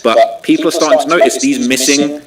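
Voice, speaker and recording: Fast-talking male host, roomy sound. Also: mid-range voice, recorded from a distance, a loud crowd. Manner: emphatic, repeats points, asks rhetorical questions. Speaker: host reacting to clips. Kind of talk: casual commentary.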